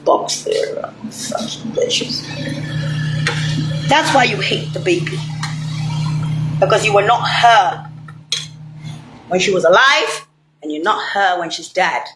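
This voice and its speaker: A woman's voice: on the low side, a bit bright, a little hiss or hum. Woman ranting in an echoey room. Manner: ranting, swearing, rambling. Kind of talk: angry profane monologue. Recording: roomy echo, faint ambience.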